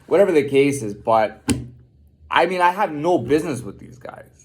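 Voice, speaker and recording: A man's voice: a little high, expressive, normal speed, a little hiss or hum. A man delivering an unscripted, profane, defiant monologue rant, often repeating and restarting his words.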